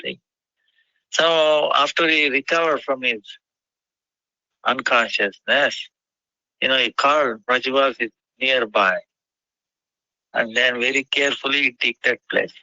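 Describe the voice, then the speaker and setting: A man telling a devotional story in a halting way, often pausing with "you know". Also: medium pitch, pushed and bright, no echo, lo-fi sound.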